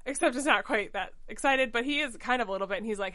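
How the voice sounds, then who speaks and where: A woman co-hosting a casual podcast chat, breezily retelling a plot with mock quotes and quick asides. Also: on the high side, fairly bright tone. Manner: chatty, quick paraphrasing with mock quotes and laughs. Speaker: podcast co-host. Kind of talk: casual chat recapping a musical.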